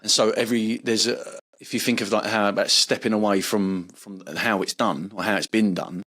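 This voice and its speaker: Man, podcast guest, lower voice, earnest, reflective, casual chat. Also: fairly even intonation, a little fast, pushed and bright. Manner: earnest, reflective, frequent restarts and swearing.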